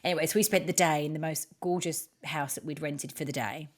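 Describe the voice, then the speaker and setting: A woman's voice: low-pitched, fairly even intonation, brisk. A woman co-hosting a podcast, telling an anecdote in casual chat and acting out the people she quotes. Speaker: podcast co-host.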